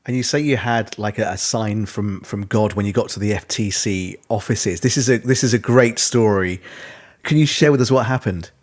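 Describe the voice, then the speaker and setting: A man hosting a podcast and asking his guest to share a story in a relaxed, encouraging way. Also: lowish voice, normal speed. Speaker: podcast host, interviewer. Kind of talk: interview questions.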